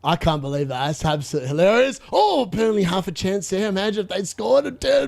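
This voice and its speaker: Excitable high-voiced man streaming. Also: fast, gravelly, hardly any pauses. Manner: excitable, gloating, laughs often, repeats himself. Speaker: fantasy football streamer hosting a live watchalong. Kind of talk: live stream commentary.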